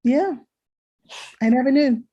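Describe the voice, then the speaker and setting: A woman co-hosting a podcast, telling a family story in casual chat, animated and laughing often. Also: takes it slowly, husky, highs cut off. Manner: animated, laughs often, jumps high when quoting herself. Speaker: podcast co-host.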